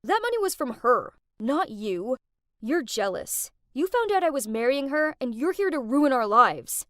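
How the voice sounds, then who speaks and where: A woman voicing a gruff, angry young man in an animated story, speaking curtly and accusingly. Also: sits high, measured pace, dry recording, clean studio sound, exaggerated voice. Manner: curt and accusing.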